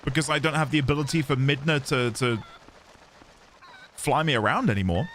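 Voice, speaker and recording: A man's voice: mid-range voice, brisk, a bit bright, slight background noise. A man chatting casually on a live game stream, rambling and self-deprecating.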